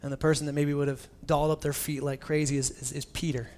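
A male pastor preaching a sermon in an animated, conversational way, with jokey asides. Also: fairly high pitch, fast.

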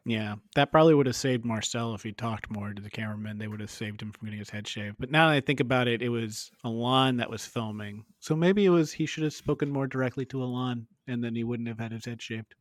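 A man's voice: mid-range voice, quick pace, hardly any pauses, no echo. Guy on a podcast recapping tv, laughs a lot, tells it like a story, dry close mic. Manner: laughing, chatty storytelling with acted quotes. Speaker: podcast co-host. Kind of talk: casual chat recapping a cooking show.

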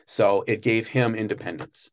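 A man's voice: lowish voice, steady tone, normal speed. A man, a former studio page, telling stories as an interview guest with many restarts and fillers. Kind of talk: casual interview storytelling.

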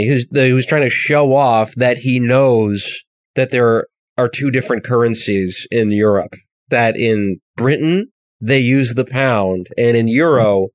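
A man's voice: mid-range voice, no room sound. American man in casual podcast banter. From United States. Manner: rambling, self-deprecating, swears casually. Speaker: podcast co-host. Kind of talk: casual comedic chat.

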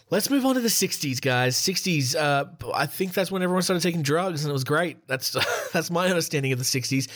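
A man hosting a casual solo podcast, reading out a list while laughing at himself and breaking off to joke. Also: fairly high pitch. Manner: giggly, irreverent, self-interrupting. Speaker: podcast host.

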